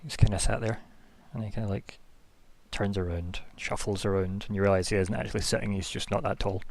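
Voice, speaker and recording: Low-voiced man narrating as game master. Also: steady tone, fairly quick, vocal fry, a little mellow. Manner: casual, descriptive, full of fillers like "kind of".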